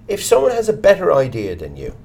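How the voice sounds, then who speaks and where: A middle-aged Irish actor being interviewed, talking bluntly and swearing casually as he tells animated stories. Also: a little high, a little fast, gravelly. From Ireland. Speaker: actor, guest. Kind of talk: candid conversational interview.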